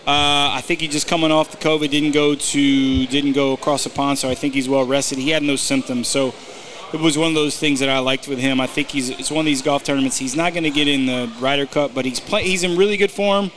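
A man's voice: fairly high pitch, steady tone, a little fast, fairly bright tone, a little hiss or hum. A man giving golf bets in a casual podcast chat, rambling with lots of fillers and teasing the host. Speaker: golf betting analyst.

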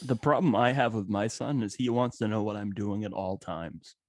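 A man co-hosting a casual podcast, telling stories about his son and mimicking him in a higher voice. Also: moderate pace, no room sound, clean studio sound. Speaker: podcast co-host. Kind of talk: casual chat.

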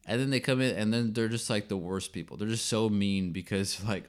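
Low-voiced man, rambling sports chat. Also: quick pace, hardly any pauses. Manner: rambling, with many fillers and restarts; gets worked up when telling a work story. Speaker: podcast host. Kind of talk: casual sports podcast chat.

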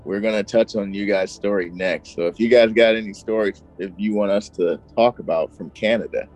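A man's voice: on the low side, a little fast, darkish tone, low-quality recording. A man co-hosting a true crime podcast, talking in a casual, slangy way and laughing often. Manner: laid-back, laughing, slangy. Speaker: podcast co-host. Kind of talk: casual chat.

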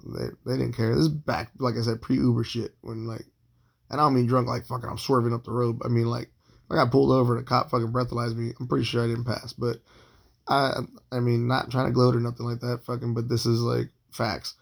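A man's voice: medium pitch, little pitch movement, a little fast. A man in his late thirties telling a long personal story in a casual, profane, rambling way, full of fillers and restarts. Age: 30s. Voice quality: gravelly, husky voice.

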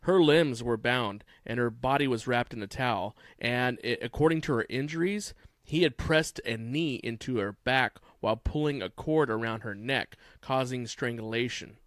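A man's voice: medium pitch, normal speed, a bit bright, no room sound, studio quality. A man in a casual group discussion, blunt and argumentative, swearing often as he pushes his point.

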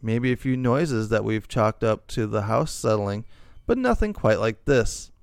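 A man's voice: fairly low pitch, animated, a little slow, vocal fry, no echo, studio quality. A middle-aged man hosting a casual chat, reading posts aloud with joking asides and frequent laughter. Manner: laughs often, jokey asides. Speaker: podcast host reading stories.

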